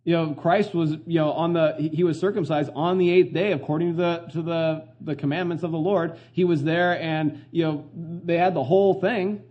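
A man's voice: a little high, fairly even intonation, normal speed, hardly any pauses, highs cut off. A middle-aged man preaching a sermon as pastor, earnest and conversational, full of fillers and restarts.

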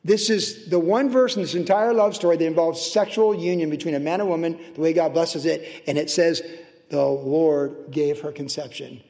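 A man preaching a sermon as pastor, swinging between loud, animated highs and hushed, tender lows. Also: fairly quick, hardly any pauses. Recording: long reverb of a large hall.

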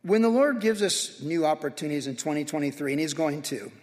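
A man's voice: a little high, animated, a little fast, darkish tone. A man preaching a sermon as pastor, fervent and emphatic, stacking up repeated phrases. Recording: long reverb of a big hall.

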